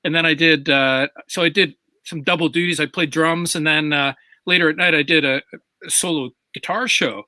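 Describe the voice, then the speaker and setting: A man's voice: on the high side, moderate pace, dry recording. A man, a guest drummer, chatting casually and telling stories with eager questions. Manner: animated storytelling, eager questions. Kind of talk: casual chat.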